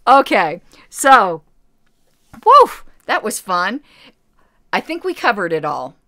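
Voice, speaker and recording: A woman talks through chat questions on her own livestream, blunt and chatty. She keeps stopping to correct herself mid-thought. Her voice sits at a middle pitch and sounds dry and close to the mic. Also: very animated, takes it slowly, bright, forceful tone, no echo. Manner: chatty, rambling self-corrections, blunt asides. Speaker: party committee member hosting a livestream. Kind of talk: casual livestream Q&A, reading chat.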